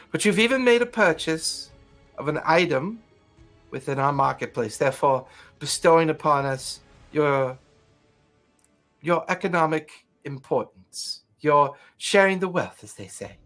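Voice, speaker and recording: A man's voice: mid-range voice, a little slow, fairly bright tone, soft background music. A stately sea council leader rises from her throne, voiced by a man running the game. Her speech is gracious and courtly, with a slightly pompous air.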